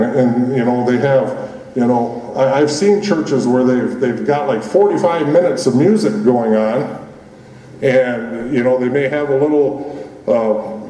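A man's voice: mid-range voice, mellow. A male pastor giving a conversational sermon, full of fillers and restarts, in a church building that used to be a gym. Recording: roomy hall from far off.

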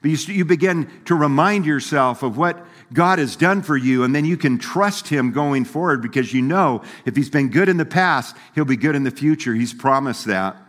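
With long hall reverb around him, a man delivers a sermon as pastor, speaking at normal speed with few pauses in an animated, somewhat high, slightly bright voice. His manner is folksy and chatty, and he laughs and performs the voices he quotes.

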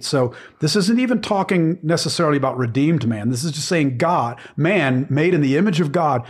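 Husky man teaching scripture. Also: medium pitch, darkish tone. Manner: earnest, reflective, with many ums and restarts. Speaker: podcast co-host. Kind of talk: casual Bible teaching chat.

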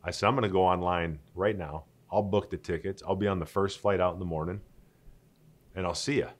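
Deep-voiced man telling stories. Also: fairly quick. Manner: animated, laughing, acting out quoted dialogue. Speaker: interview guest, former pro football player. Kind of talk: conversational storytelling.

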